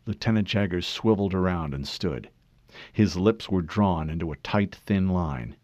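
A man reading a novel aloud in measured, expressive scripted narration. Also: low voice, no room sound. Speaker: audiobook narrator.

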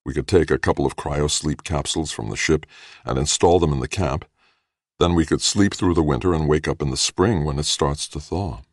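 A man's voice: rumbling low, a little fast, no echo, studio quality. A man reading aloud voices a weary, troubled man in an audiobook, speaking in earnest.

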